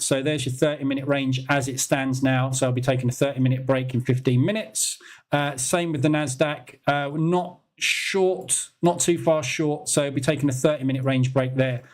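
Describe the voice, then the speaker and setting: Male streamer, live market commentary, casual and incredulous, slightly higher voice. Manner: chatty, incredulous, laughs often. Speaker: trading stream host.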